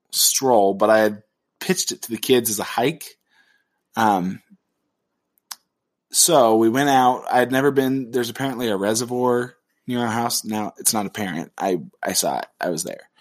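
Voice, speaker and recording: Man, thirties, podcast co-host, casual joking storyteller, mid pitch. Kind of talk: casual chat.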